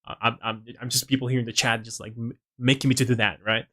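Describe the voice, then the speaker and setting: Young Mexican male streamer, native Spanish speaker, American-leaning accent, bright and slightly nasal, casual and giggly with lots of restarts. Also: medium pitch, flat delivery, fast. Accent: Mexican Spanish speaker with American-leaning English. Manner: laughing often, stammering restarts. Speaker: language-learning streamer. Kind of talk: casual live-stream chat.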